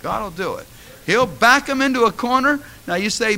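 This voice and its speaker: A man's voice: extremely high pitch, expressive, moderate pace, sharp tone. A middle-aged man, a pastor, delivering a sermon with impassioned storytelling that rises to fervent exhortation.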